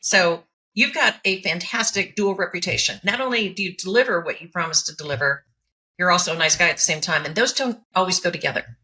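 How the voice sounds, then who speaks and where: Quick-talking bright woman host. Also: on the low side. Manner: warmly complimentary, asks follow-up questions. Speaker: podcast host. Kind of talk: conversational interview.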